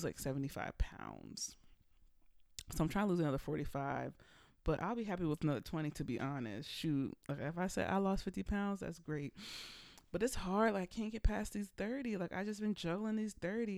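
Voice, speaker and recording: A woman's voice: on the low side, animated, moderate pace, creaky, darkish tone, no echo, clean studio sound. A woman hosting a podcast, chatting casually and playfully, talking straight to her listeners. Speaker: podcast host. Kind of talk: casual chat. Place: indoors, at home.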